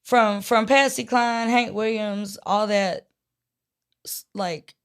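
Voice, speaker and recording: A woman's voice: medium pitch, steady tone, takes it slowly, clean tone. Southern woman, podcast guest, rambly and casual. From Georgia, US. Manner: chatty, rambling, with many restarts. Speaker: guest singer-songwriter.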